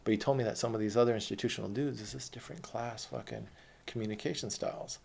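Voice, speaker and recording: Fast-talking gravelly man, rambling and profane. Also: medium pitch, steady tone, darkish tone. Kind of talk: casual autobiographical storytelling.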